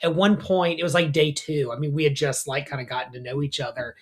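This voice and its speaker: A middle-aged rabbi co-hosting a podcast tells stories in casual conversation, animated and full of fillers and asides. His voice is on the high side and he talks fast.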